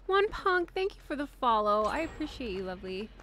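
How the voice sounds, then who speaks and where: A woman's voice: high-pitched, big pitch swings, normal speed, pushed and bright, a little hiss or hum. A young woman streaming a game live, chatting with viewers, giggling often and shrieking and swearing when startled.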